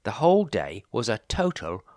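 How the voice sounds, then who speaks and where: Casting: a man as a harried older vicar in a comic verse monologue, wry and exclamatory, pitch leaping all over, dry close sound. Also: wildly swooping pitch, moderate pace, darkish tone, no echo. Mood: weary. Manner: theatrical, exclamatory, wry and sarcastic. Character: older male vicar, harried, fundraising door to door.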